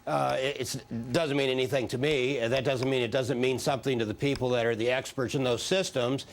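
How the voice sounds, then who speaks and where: Measured, hesitant man being interviewed. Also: mid-range voice, steady tone, a little hiss or hum. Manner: measured, hesitant with frequent uh fillers. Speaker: former space agency official as studio guest. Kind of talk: live TV news interview.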